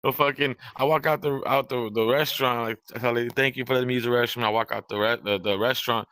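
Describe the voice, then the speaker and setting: A man's voice: medium pitch, fairly even intonation, fast, bright, forceful tone, no room sound. A young man hosting a podcast, telling a long, rambling, profane story in casual chat and acting out what others said. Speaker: podcast host.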